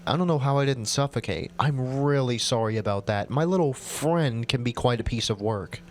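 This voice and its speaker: A man's voice: medium pitch, normal speed. A man hosting a comedic reading of a bad story. He narrates with a sarcastic, exasperated edge, breaking in with his own remarks. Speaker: channel host reading a story aloud.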